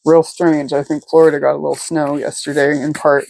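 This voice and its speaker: A woman's voice: low voice, flat delivery, brisk, vocal fry, a little mellow, no room sound, poor audio. A woman giving a casual, rambling tarot reading from home, talking with lots of fillers and restarts. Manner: rambling, filler-heavy, chatty. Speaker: tarot reader.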